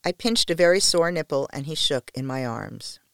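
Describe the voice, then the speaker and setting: A woman podcast storyteller reading a first-person story in a soft, intimate manner, often near a whisper, with a gravelly voice. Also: deep voice, expressive, normal speed, no room sound, studio quality.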